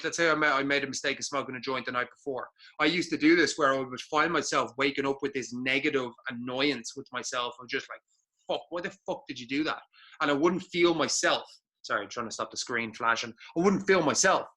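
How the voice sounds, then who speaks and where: A man's voice: medium pitch, sharp tone. A man co-hosting a podcast, giving blunt motivational talk full of swearing and emphatic repetition. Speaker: podcast co-host.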